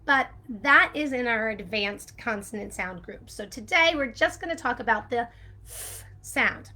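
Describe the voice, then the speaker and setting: A woman speech-language pathologist explaining a speech sound step by step, bubbly and quick to laugh. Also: fairly high pitch, animated, sharp tone. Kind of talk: upbeat instructional video with a sung intro.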